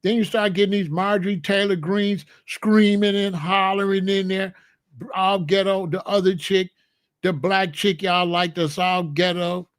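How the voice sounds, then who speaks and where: Blunt, high-voiced man ranting. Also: flat delivery, a little slow, clean tone, no echo, clean studio sound. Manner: blunt, emphatic and scolding. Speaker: commentator. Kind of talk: opinionated monologue to a live chat.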